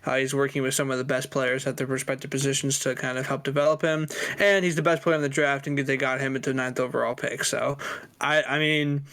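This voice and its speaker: A man's voice: medium pitch, little pitch movement, a little fast, a bit bright. A man co-hosting a sports podcast, leading the casual chat with loose, meandering commentary. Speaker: podcast co-host.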